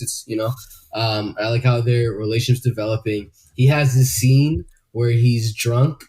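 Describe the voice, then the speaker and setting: A man chatting loosely on a podcast, dropping curses and laughing along. His voice sits at an ordinary middle pitch. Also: fairly even intonation, normal speed, a little mellow. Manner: loose, profane, laughs often. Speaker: podcast co-host. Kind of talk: casual chat.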